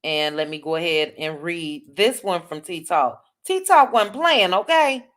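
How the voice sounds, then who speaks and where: A woman's voice: fairly low pitch, a little slow. Chatty dmv woman on a livestream, voice all over the place, takes her time. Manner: chatty, animated, reads comments aloud with asides. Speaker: livestream host. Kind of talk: casual livestream commentary reading comments.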